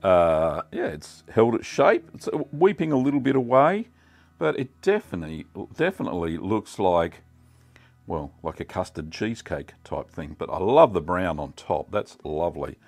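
A middle-aged Australian man hosting a casual cooking vlog, chatty and relaxed with many ums. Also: deep voice, moderate pace, faint music behind. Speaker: cheesemaking channel host.

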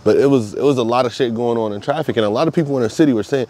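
A man's voice: medium pitch, expressive, racing, warm tone. A man talking straight to camera in a casual monologue, swearing a lot and repeating himself for emphasis. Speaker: vlogger.

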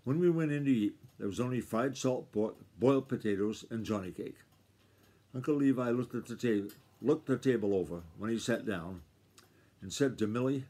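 Mellow-voiced dad reading a novel aloud. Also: male voice, medium pitch, moderate pace. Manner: steady storytelling with small slips.

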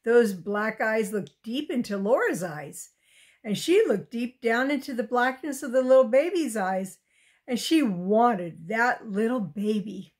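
A woman reading a children's chapter book aloud with gentle asides for young listeners. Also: a little high, lively intonation, measured pace. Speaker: reader.

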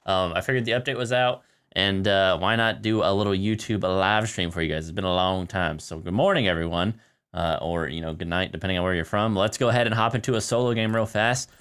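Young male game streamer, sleepy and relaxed, rambling with fillers, a bit low-pitched. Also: brisk, clean tone. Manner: laid-back, chatty, many fillers. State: tired early-morning voice. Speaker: gaming streamer. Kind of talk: casual live-stream commentary.

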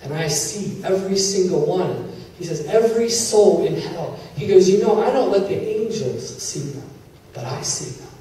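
A man preaching a personal testimony, his mellow voice carrying through a big echoey hall. He sits fairly high for a man and is picked up from a distance. He tells his story with feeling, acting out the dialogue. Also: animated, moderate pace. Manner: emotional storytelling, quoting God and others in dialogue. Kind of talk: sermon testimony. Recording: very echoey hall, distant mic, faint hiss.

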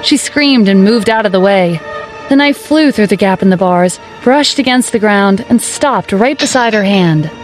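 A woman reading a dramatic story aloud as narrator, in a steady storytelling manner. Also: medium pitch, moderate pace, soft background music. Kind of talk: scripted narration.

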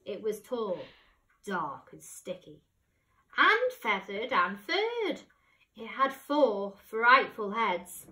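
A woman teacher reading a children's picture book aloud with expressive, dramatic storytelling. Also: on the high side, slow. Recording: echoey room, voice off-mic.

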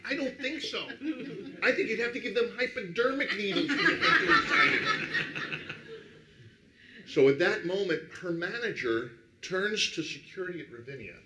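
A middle-aged man, a radio DJ, telling animated anecdotes at a dinner table and acting out the people he quotes. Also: sits high, moderate pace, background noise. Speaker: radio DJ guest. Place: restaurant dining room. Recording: echoey room.

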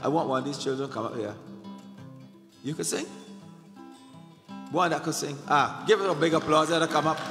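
A man's voice: fairly high pitch, moderate pace, pauses often, a bit bright. An older man, a calypsonian, who jokes with a live audience in a large hall and leads them in a call-and-response song. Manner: easygoing, joking, leads the crowd in song. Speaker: calypsonian closing a public event. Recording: echoey hall with guitar music.

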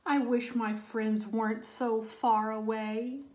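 A woman's voice: fairly high pitch, fairly even intonation, slow pace, a little mellow, roomy sound, pitched above the performer's own voice. A woman voicing a lonely male polar bear who is pleading for help in a picture-book read-aloud. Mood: forlorn. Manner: pleading, wistful.

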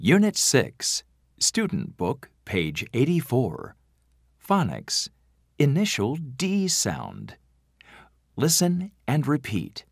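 A man reading out textbook track announcements in a slow, measured, deliberate way. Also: mid-range voice, wildly swooping pitch, creaky, breathy edge, no echo, clean studio sound. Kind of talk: scripted textbook audio announcements.

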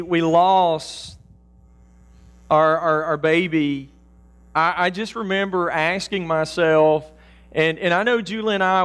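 Man preaching, high-pitched voice, earnest, stumbles and repeats words, church, faint mains hum. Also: a bit bright, smooth. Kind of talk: sermon. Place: church sanctuary.

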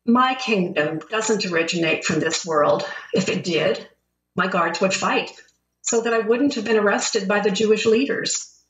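A woman reading the part of a calm prophet-king on trial, speaking in steady, even lines in a church Passion reading. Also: mid-range voice, measured pace, natural voice. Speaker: scripture reader. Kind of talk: dramatic scripture reading. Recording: roomy church from a distance.

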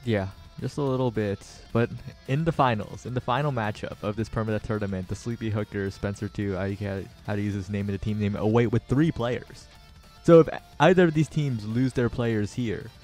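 A man casting a live esports tournament with energetic play-by-play that rises with the action. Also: lowish voice, moderate pace, soft background music. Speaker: esports caster.

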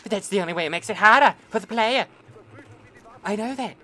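A man giving let's-play commentary on a war game, excitable and ranting, swearing at the game. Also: sits high, fairly quick. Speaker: gaming channel host.

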